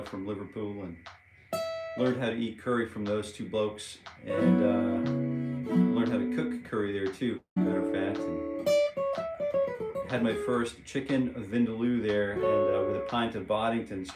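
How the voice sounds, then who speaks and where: A man hosting a casual live-stream guitar lesson, chatting in a rambling way and counting rhythms aloud while he plays, recorded on a propped-up phone at home. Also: lowish voice. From United States. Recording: roomy echo under loud guitar playing.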